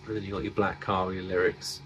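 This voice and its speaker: A man's voice: low-pitched, little pitch movement, a little fast, a bit bright, lo-fi sound. A man from the United Kingdom casually showing off his record collection, enthusiastic and swearing freely. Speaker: music collector vlogger.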